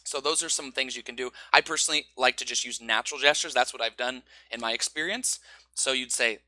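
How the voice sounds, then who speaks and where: A man giving online teaching advice in an energetic, demonstrative way. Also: medium pitch, no echo. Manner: energetic, demonstrates stress with slow exaggerated example sentences. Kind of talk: online teaching tips video.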